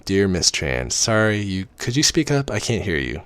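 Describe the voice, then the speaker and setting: A man's voice: deep voice, big pitch swings, clean tone, no room sound. A man reading as a formal, commanding lover. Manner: measured and formal.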